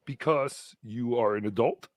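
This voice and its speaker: A man's voice: mid-range voice, measured pace, dry recording, close to an everyday voice. A man voicing a male puppet guest on a livestream, blunt and matter-of-fact. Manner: blunt, dry advice-giving. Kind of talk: livestream chat.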